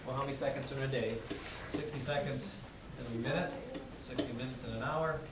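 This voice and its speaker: Guy teacher doing math out loud w/ the class, counts slow, kinda teasing, far off in a noisy echoey room. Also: mid-range voice, steady tone. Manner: thinks aloud, counts digits slowly, teasing.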